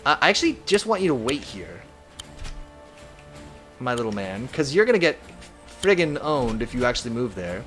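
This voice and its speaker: A man's voice: mid-range voice, moderate pace, long pauses, soft background music. A man live-streaming a strategy game, chatting casually and reading viewer messages aloud. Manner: reads chat aloud, chatty and animated.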